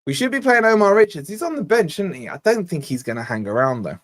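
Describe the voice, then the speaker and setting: Casual play-by-play and banter with the chat come from a Scottish-born fan channel host during a live football watch-along. His voice is high-pitched, sing-song and fast.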